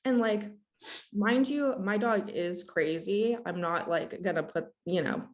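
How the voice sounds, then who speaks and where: A young woman co-hosting a podcast, chatting casually and telling an animated story, acting out both sides of an argument. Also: mid-range voice, a little slow. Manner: animated storytelling, acts out quoted exchanges. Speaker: podcast co-host. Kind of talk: casual chat.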